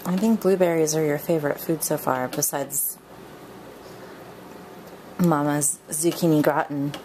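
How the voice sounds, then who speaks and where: A woman filming her baby at home, talking to her in soft, coaxing, sing-song baby talk. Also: deep voice, fairly even intonation, unhurried, a little hiss or hum. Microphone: handheld camera mic.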